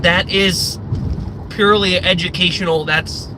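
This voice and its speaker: A man's voice: high-pitched, a little slow, noisy background. A man from the Midwest US, a live streamer, ranting casually and profanely and wandering off on tangents. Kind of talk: casual livestream rant.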